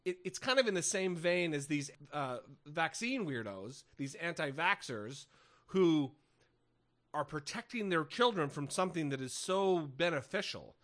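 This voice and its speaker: Lively, bright-voiced joking man. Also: fairly high pitch, measured pace. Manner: joking, rambling with restarts. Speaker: podcast co-host. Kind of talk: casual comedic chat.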